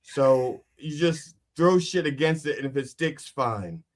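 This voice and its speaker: Speaking at a measured pace, this man has a mid-range, expressive voice. He's a guest comedian on a podcast, chatting casually in loose, rambling riffs packed with restarts and "you know".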